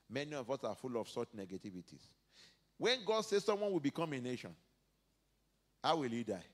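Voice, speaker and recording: A male pastor preaching a sermon, dropping to soft asides and rising to loud emphatic peaks as he reads and acts out scripture. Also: mid-range voice, big pitch swings, a little fast, long pauses. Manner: preaches verse by verse, acting out biblical speakers.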